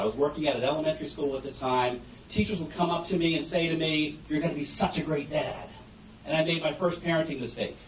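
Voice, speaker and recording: A man's voice: fairly high pitch, slight background noise. A man giving a humorous talk on stage about being a parent, telling stories with animation and asking the audience questions. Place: event hall before an audience. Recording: echoey room heard from a distance.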